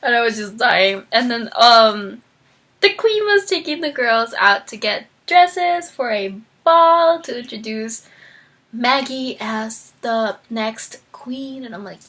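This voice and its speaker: A young woman chatting excitedly about a book she loved. Her voice is bright and a touch high, and she jumps up in pitch whenever she acts out a character's line. She laughs easily and fills pauses with "um" and "like". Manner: frequent fillers and laughter. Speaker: book vlogger. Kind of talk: casual book review.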